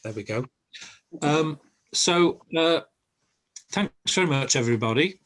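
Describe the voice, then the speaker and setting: An older man who teaches an online group language lesson over a video call and explains patiently, with many pauses. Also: fairly high pitch, expressive, fairly bright tone.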